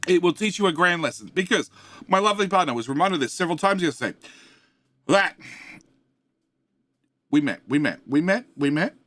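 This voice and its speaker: High and sharp-toned, the voice belongs to a middle-aged Australian man whose accent is light. He chats casually on a game live stream, self-mocking and rambling as he reads out chat and answers with frequent fillers and restarts.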